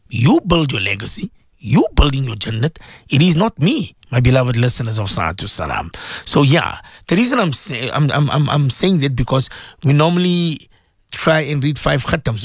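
A man's voice: a little high, no echo, studio quality. A middle-aged man presenting religious advice on radio, pleading and repeating himself for emphasis.

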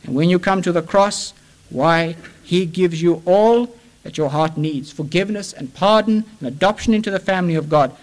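A male preacher with a somewhat high voice delivers an impassioned sermon. He pleads with his listeners, swinging between ringing emphasis and hushed, drawn-out phrases. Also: rough recording. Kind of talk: evangelistic sermon.

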